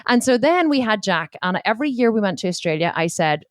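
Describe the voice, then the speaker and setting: A woman, a podcast guest telling her story in a blunt, swearing, animated way. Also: medium pitch, a little fast, no room sound, studio quality. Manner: blunt, expletive-heavy, animated retelling. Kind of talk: candid storytelling interview.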